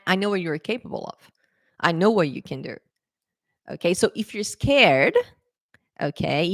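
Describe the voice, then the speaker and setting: A woman's voice: fairly low pitch, no room sound, studio quality. Chatty woman teacher telling a story. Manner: chatty, animated, laughs often, acts out quotes. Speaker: English teacher. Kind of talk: casual storytelling lesson to camera.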